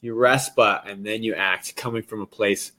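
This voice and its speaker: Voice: mid-range voice, fairly even intonation, normal speed, pushed and bright. A host of a casual interview, adding short encouraging comments and summaries to the guest's points.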